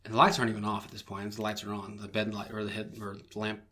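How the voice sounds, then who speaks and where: A man's voice: on the low side, monotone, racing, sharp tone. A young man co-hosting a podcast, telling a rambling, profane story with acted-out quotes. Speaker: podcast co-host. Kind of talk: casual chat.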